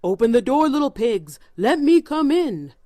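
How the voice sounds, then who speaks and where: A woman voicing a big bad male wolf who roars slow, drawn-out threats in a storybook reading. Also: on the high side, big pitch swings, dark tone, no echo, clean studio sound. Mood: roaring, demanding.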